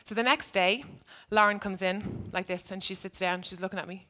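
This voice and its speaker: A woman's voice: medium pitch, steady tone, normal speed, bright, forceful tone. A woman who used to be a teacher, giving a reflective talk to an audience and telling a story from her classroom. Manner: earnest, reflective. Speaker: speaker, former teacher.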